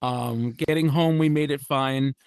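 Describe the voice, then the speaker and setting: A man's voice: mid-range voice, steady tone, measured pace, vocal fry, darkish tone. A man doing a stand-up comedy set at a club, rambling and self-deprecating with many restarts and asides. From United States.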